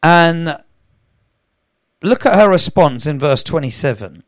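A man's voice: fairly high pitch, animated, takes it slowly. A man teaching from the Bible on a live broadcast, reading scripture aloud and growing emphatic. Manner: reads scripture aloud, grows emphatic, prays in tongues. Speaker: preacher.

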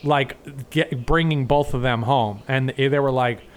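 A man's voice: mid-range voice, unhurried, smooth. An American man in casual chat, telling a long, profane, rambling story. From United States.

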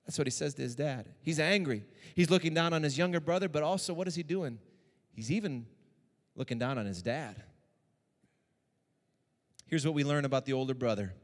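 A man delivers a lively sermon, repeating key lines to drive them home. His voice sits slightly high for a man. A long reverb from a large hall follows his words. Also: fairly quick, pauses often. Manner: animated, repeats lines for emphasis. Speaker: preacher.

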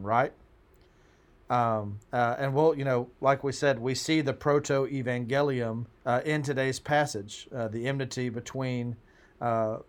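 A man co-hosting a religious podcast who talks thoughtfully and tells stories, pausing often with fillers like "uh" and "um". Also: mid-range voice. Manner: thoughtful, many fillers, storytelling. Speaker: podcast co-host. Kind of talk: casual religious podcast discussion.

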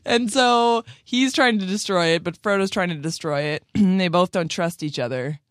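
A man from Cleveland co-hosting a podcast, playful and quick to jump into silly character voices. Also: sits high, a bit bright, no room sound, clean studio sound. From Cleveland, Ohio. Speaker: podcast co-host. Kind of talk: casual chat.

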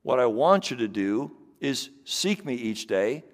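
A man's voice: mid-range voice, very animated, a little slow, hardly any pauses. Man preaching in a reverberant hall. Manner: preaching with rising emphasis and repeated phrases. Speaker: pastor. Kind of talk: sermon.

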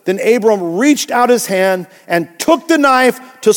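A man preaching a sermon as pastor, playful, acting out little voices and slowing down for emphasis. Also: high-pitched, animated, long reverb tail. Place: church sanctuary.

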